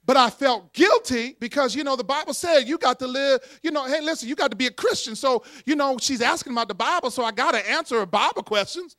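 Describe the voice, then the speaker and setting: A man's voice: very high-pitched, quick pace, few pauses, no echo, clean studio sound. A man preaching a sermon, calling on the congregation to repeat after him and telling stories with laughs. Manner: call-and-response preaching, animated storytelling with laughs. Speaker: pastor.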